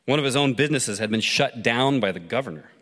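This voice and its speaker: A man preaching through a story, pausing to ask listeners reflective questions. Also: mid-range voice, animated, a bit bright. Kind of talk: sermon told as a story. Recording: long hall reverb.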